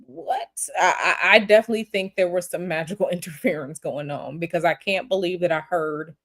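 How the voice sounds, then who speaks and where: Blunt, animated woman tarot reader. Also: on the low side, a little fast. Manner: blunt, animated, repeats herself. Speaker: tarot reader answering viewer questions. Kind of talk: casual livestream chat.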